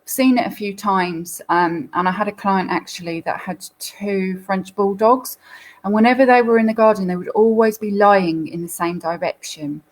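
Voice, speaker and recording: A woman's voice: medium pitch, normal speed, poor audio. A woman hosting a live Q&A, talking through viewer photos in a chatty, explanatory way with frequent fillers. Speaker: dog behaviourist host.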